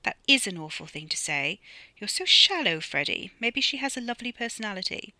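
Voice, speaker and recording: A woman's voice: medium pitch, very animated, a little fast, sharp tone, no room sound, heavily acted. Bunty, a gushing posh flirt, as a woman reads her. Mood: teasing. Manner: gushing and teasing.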